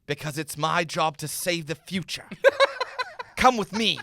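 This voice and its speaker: A man voicing a creepy, smug young male wizard mentor with slow, theatrical delivery. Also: on the high side, lively intonation, creaky, bright, forceful tone, heavily acted. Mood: grand.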